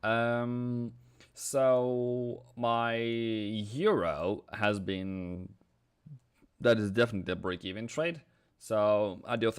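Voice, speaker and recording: A man's voice: fairly low pitch, clear, resonant tone. A man with a Norwegian accent, a forex trader, chatting casually on a live stream, joking, thinking aloud and reading out chat messages.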